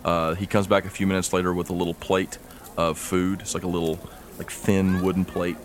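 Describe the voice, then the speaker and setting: Casting: very low-voiced male game master, relaxed rambling narration. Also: a little fast, a little hiss or hum. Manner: loose, rambling narration with fillers.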